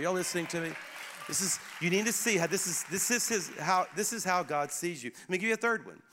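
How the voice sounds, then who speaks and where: A middle-aged male pastor preaching a sermon in a conversational, animated way, speaking directly to his congregation. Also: medium pitch. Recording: echoey hall.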